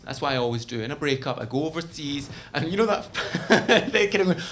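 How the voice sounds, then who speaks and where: Scottish male stand-up, fairly high voice, animated and self-deprecating, noisy venue. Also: a little fast. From Scotland. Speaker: stand-up comedian. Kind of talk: stand-up comedy.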